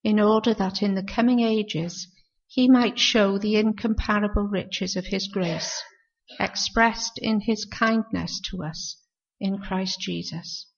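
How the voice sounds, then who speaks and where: Female scripture reader, slow and gravelly, measured delivery, dull lo-fi recording. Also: mid-range voice, fairly even intonation. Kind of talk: reading scripture aloud.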